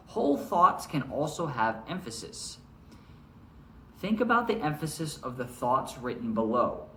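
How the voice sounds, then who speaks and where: A man's voice: mid-range voice, bright, forceful tone, roomy sound, slight background noise. A male teacher reading a poem aloud and then explaining how to read poetry, checking in often with "all right?". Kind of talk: recorded classroom lesson, reading poetry aloud.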